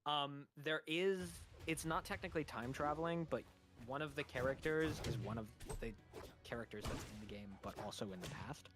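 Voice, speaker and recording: A man's voice: a little high, normal speed, music in the background. A man co-hosting a game stream in casual chat, nerdily explaining game lore at length with small chuckles.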